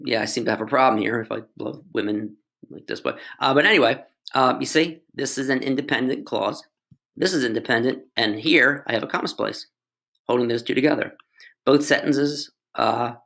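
A man's voice: mid-range voice, gravelly, a bit bright. A man tutoring English, explaining grammar in a casual, playful way with jokes and asides to his students.

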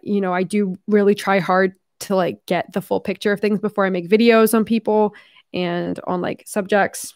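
A woman's voice: medium pitch, no echo, clean studio sound. Chatty young Canadian woman vlogging. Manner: chatty, rambling, heavy use of fillers and "like". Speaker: YouTuber opening fan mail. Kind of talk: casual vlog chat.

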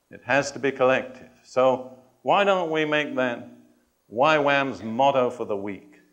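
In a lo-fi recording, a man with a mid-range voice preaches to his congregation. He is measured and emphatic, addressing his listeners directly with questions and challenges, and slips in touches of dry humor.

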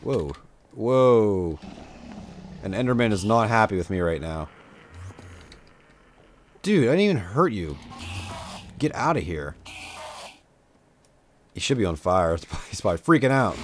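A young man chats his way through a game in a low voice that leaps high whenever something goes wrong. He mocks his own aim and scolds the enemies. A faint hiss sits under the recording. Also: big pitch swings, slow pace, pauses often. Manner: chatty, self-mocking, jumpy outbursts at enemies. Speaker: gameplay commentator. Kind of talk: casual let's-play commentary.

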